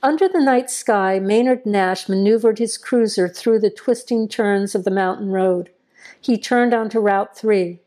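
Woman narrator for a horror story, mellow and warm, measured delivery. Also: mid-range voice.

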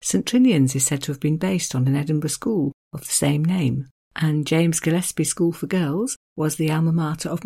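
This podcast host has a gravelly, husky voice with a mellow, warm tone. They deliver a scripted literary narration at an even reading pace, slipping in wry, self-deprecating asides. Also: medium pitch.

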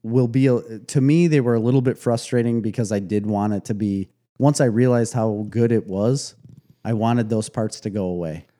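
A man chatting casually about a movie, retelling stories with animated laughs. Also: lowish voice, moderate pace. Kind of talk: casual movie review chat.

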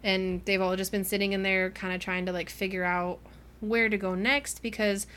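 A young woman co-hosting a book podcast, recapping the story in a casual, animated way with lots of laughter and "like" fillers. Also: medium pitch, normal speed, clear, resonant tone.

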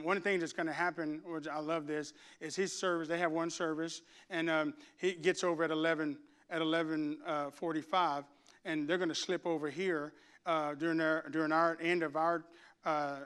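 A middle-aged pastor preaching to his congregation in a church, swinging from joking asides to loud, fervent preaching. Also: a little high, clean tone. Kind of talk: sermon. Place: church sanctuary before a congregation.

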